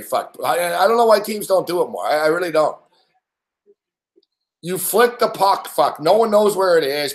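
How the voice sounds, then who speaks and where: A man hosts a late-night sports betting show, his voice fairly high. He rants with nonstop profanity and sneering impressions of the people he quotes. The recording sounds echoey, as if in a bare room. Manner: profane, angry ranting; mocking impressions of others. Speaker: host. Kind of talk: ranting sports betting commentary.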